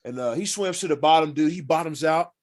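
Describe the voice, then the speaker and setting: A man telling hunting and fishing stories as a podcast guest in casual, animated talk, swearing freely and acting out what people said. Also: fairly high pitch, fast talker. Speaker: podcast guest, former pro football player. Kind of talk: casual storytelling.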